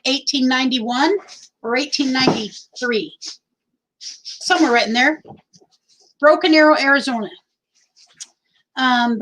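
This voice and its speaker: A woman's voice: high voice, fairly bright tone, low-quality recording. A middle-aged woman from Texas hosting a casual livestream, chatty and rambling as she reads out names from the chat into her phone. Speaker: livestream host.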